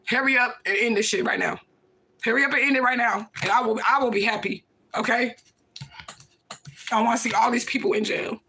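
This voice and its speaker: Woman going off on her livestream, high bright voice, cussing a lot, keeps saying y'all and repeating herself. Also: steady tone, a little fast, pauses often, a little hiss or hum. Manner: profane, confrontational, repeats herself, addresses viewers as y'all. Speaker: livestream host. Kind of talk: heated livestream rant.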